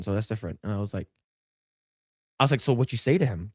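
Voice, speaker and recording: A man's voice: lowish voice, lively intonation, fast talker, a little mellow, dry recording, clean studio sound. A man co-hosting a livestream, telling a long story in loose, profane chat full of restarts and stammers. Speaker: podcast co-host.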